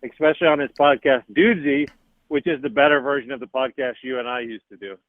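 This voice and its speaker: A man co-hosting a podcast who keeps teasing his partner with a dry, deadpan delivery. His pitch is mid-range. The recording is dull and a bit muffled, with no room echo. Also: fast. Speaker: podcast co-host. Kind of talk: casual chat.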